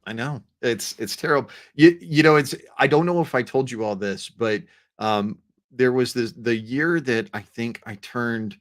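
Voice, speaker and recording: Casting: man in his forties, middle-pitched, playful storytelling host, stops and restarts. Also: measured pace. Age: 40s. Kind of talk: casual panel chat.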